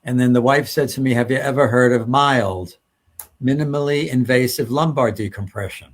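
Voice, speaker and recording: A man co-hosts a faith-based talk show, speaking in an ordinary mid-range voice. He talks in a measured, thoughtful way and often restarts his sentences. He shares his reflections at an easy pace. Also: medium pitch. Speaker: co-host. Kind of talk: faith-based casual chat.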